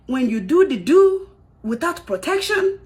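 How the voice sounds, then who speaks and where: A woman's voice: high voice, big pitch swings, unhurried, a little mellow. A woman giving dramatic reaction commentary, exclaiming and laughing as she talks.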